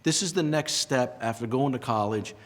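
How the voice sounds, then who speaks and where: A middle-aged man from Rhode Island, talking earnestly and emotionally in a casual interview, with halting restarts. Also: mid-range voice, big-room sound. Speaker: interviewee, past lodge master.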